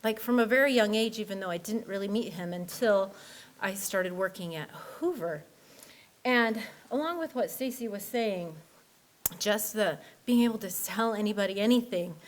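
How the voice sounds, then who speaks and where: Math teacher lady, a bit high pitched, laughs through her stories at a tribute. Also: slight background noise. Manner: laughing, lively storytelling. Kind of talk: spoken memorial tribute.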